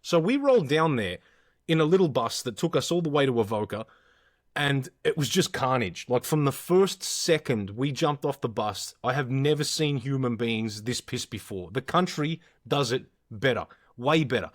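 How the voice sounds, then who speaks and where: At a moderate pace and mid-range pitch, an Australian podcast co-host in his thirties spins rowdy tales during a casual chat. He's an animated storyteller who can't stop cursing.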